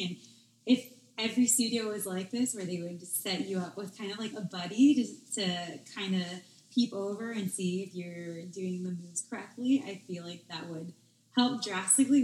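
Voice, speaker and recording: A woman's voice: medium pitch, a little mellow. Chatty woman instructor in echoey room. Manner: chatty, filler-heavy. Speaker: fitness instructor. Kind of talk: casual interview chat.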